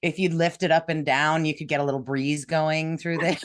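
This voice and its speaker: A woman's voice: deep voice, dry recording, clean studio sound. A woman with a New York accent, an actress and guest chatting in an interview, laughing often and joking about herself. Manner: laughs often, self-deprecating humor. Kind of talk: casual interview chat.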